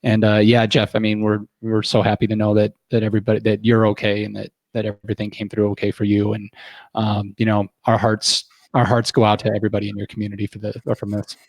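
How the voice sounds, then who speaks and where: A man hosting a casual podcast, talking in a relaxed, halting way with many small pauses. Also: lowish voice, no echo. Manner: relaxed, hesitant with fillers. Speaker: host.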